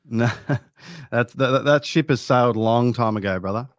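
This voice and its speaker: A man's voice: medium pitch, normal speed, dry recording. A man with an Australian accent, a podcast guest chatting bluntly and casually, swearing freely and calling people bro.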